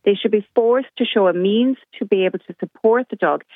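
A woman's voice: medium pitch, a little fast, dry recording. A middle-aged woman calling into a radio show and telling her story with indignation. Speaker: caller. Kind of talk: phone-in call. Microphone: telephone. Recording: tinny phone line.

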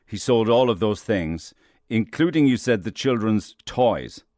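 An Irish man hosting a podcast, asking calm, probing follow-up questions. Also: on the low side, measured pace, dry recording, clean studio sound. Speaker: podcast host, interviewer. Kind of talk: interview questions.

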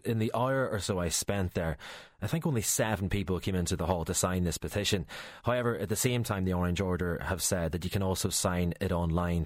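A man reporting the news, measured and questioning as he interviews people on the street. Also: low-pitched, no room sound, studio quality.

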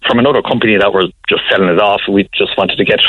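A man's voice: on the low side, racing, no echo, highs cut off. An Irish man in his thirties calls in to a radio show and tells a long, rambling story, chuckling often and restarting his sentences. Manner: rambling, chuckling anecdote teller with many restarts. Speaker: caller. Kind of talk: casual phone-in storytelling.

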